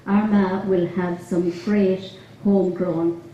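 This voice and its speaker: A woman's voice: lowish voice, level tone, slow pace, mellow, lo-fi sound. A woman giving a chatty, humorous after-dinner speech as lady captain. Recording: echoey hall with crowd noise.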